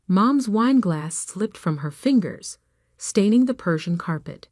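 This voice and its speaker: A woman reading a first-person story as scripted narration, in a measured, even way. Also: medium pitch, no room sound, clean studio sound.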